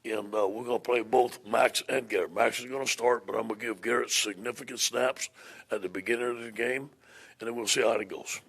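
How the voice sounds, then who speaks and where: Gravelly, husky head football coach. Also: male voice, mid-range voice, fairly even intonation, fairly quick, fairly bright tone. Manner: plain-spoken, repeats and restarts words. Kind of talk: press conference.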